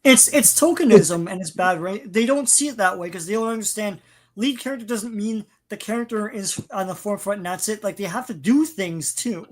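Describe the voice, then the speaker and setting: A man's voice: high voice, brisk. A man hosting a casual podcast chat, talking in a critical, rambling way with frequent restarts. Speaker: podcast host.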